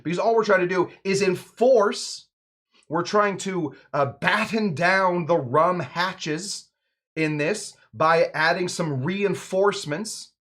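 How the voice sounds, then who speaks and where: A man's voice: high-pitched, slow, fairly bright tone. Playful man hosting a cocktail show. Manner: playful, jokey, rambling asides. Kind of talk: casual chat while mixing drinks.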